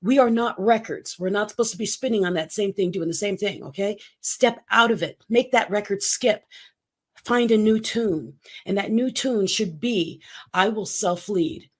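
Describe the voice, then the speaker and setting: A woman in her fifties, a speaking coach giving an energetic, emphatic motivational interview and acting out quotes. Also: mid-range voice, normal speed. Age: 50s.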